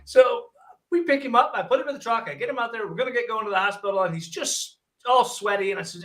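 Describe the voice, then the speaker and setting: A hypnotist and paramedic from Michigan, speaking fast in an extremely high voice from far off the mic, shares a casual anecdote. He tells it with animation, acting out the dialogue and dropping wry jokes.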